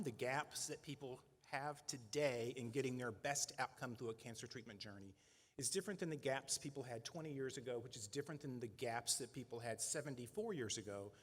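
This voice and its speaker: A man's voice: mid-range voice, fairly bright tone. Middle-aged man speaking in a reverberant hall. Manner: conversational and earnest, with frequent "right?" tag questions. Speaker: nonprofit leader addressing donors. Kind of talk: speech at a fundraising breakfast. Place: large event hall.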